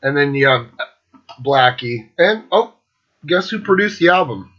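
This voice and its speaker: A sarcastic, foul-mouthed man with a bright, forceful voice that sits a little high for a man. He rambles through album opinions in a loose, joking chat, heard on a dull, lo-fi recording. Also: animated, a little slow. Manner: profane, sarcastic, laughs often. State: coughing, throat clearing. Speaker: metal show host. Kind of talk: casual solo chat reviewing albums.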